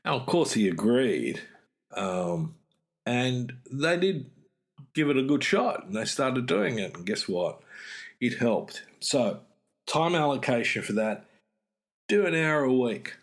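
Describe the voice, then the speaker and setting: A man's voice: medium pitch, sing-song, slow pace. A man, hosting a podcast and giving casual, direct relationship advice, acting out small exchanges as he goes. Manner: direct, conversational, acts out little dialogues. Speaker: relationship coach and podcast host.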